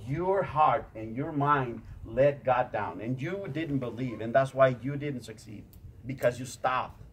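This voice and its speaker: A man's voice: mid-range voice, a little slow. Man, preaching from a distance. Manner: emphatic, repetitive, questions the audience. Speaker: motivational speaker. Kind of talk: faith-based motivational talk. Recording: distant mic in a noisy room.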